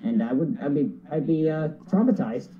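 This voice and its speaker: A man's voice: fairly high pitch, expressive, moderate pace, phone-quality sound. A man answering interview questions earnestly, with plenty of hesitations and restarts. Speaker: guest.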